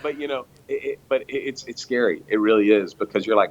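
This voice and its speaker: Man, pastor, earnest storytelling, stumbling restarts, low pitch, muffled lo-fi sound. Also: fast talker, hardly any pauses. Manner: earnest, frequent restarts and repeated words. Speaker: pastor and church planter. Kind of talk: storytelling interview answers.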